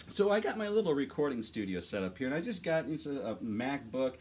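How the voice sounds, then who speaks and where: A voice actor in casual, chatty tutorial talk, rambling with many fillers, recorded into a condenser mic in a small home studio. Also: male voice, medium pitch, sing-song, a little fast, a little mellow, slightly rough.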